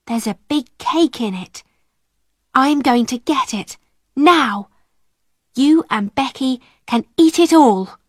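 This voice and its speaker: A woman putting on a kind, anxious schoolgirl with a high, worried voice. She speaks slowly and earnestly, and the reading is dry and close. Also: lively intonation, no room sound, full character voice. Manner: worried, pleading.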